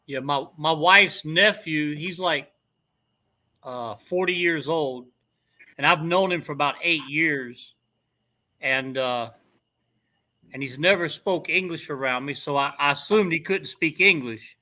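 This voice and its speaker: A middle-aged man telling stories in a casual chat, animated and laughing as he acts out what people said. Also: on the high side, unhurried.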